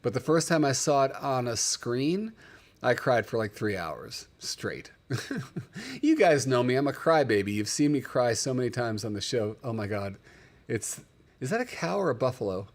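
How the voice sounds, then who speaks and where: Speaking at a moderate pace in a medium, expressive voice, a man hosts a laid-back livestream. He's a chatty, emotional storyteller who singles out viewers by name.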